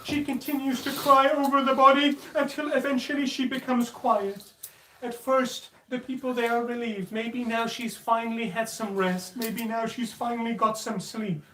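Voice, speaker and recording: A man's voice: extremely high pitch, flat delivery, moderate pace, pushed and bright, a little hiss or hum. A man narrating a sad religious story to children with mournful, dramatic feeling in a mosque hall. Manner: mournful, dramatic narration building to anguished cries. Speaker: majlis speaker. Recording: echoey hall, mic at a distance.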